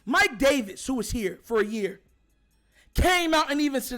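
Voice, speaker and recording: A man hosting a sports talk show, ranting heatedly and shouting his points over and over. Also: extremely high pitch, lively intonation, normal speed, soft background music. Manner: fired-up, shouting, repetitive emphatic. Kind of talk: heated sports commentary rant.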